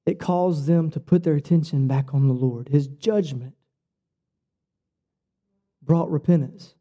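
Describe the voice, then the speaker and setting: A man preaching a sermon, telling stories with quoted dialogue in a casual, lively way. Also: a little high, unhurried. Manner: animated storytelling with quoted dialogue; casual, says "bro" and "like". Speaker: pastor.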